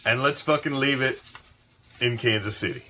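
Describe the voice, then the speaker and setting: A man's voice: mid-range voice, normal speed, sharp tone, slight background noise. A man hosting a fan sports talk show, ranting with a profane, fired-up and emphatic delivery. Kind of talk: fan sports commentary rant.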